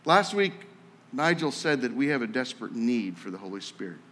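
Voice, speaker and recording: A man preaching a sermon as pastor, talking in a conversational, animated way and often repeating words as he tells a story. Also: medium pitch, a little fast. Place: church sanctuary. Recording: echoey hall with long reverb.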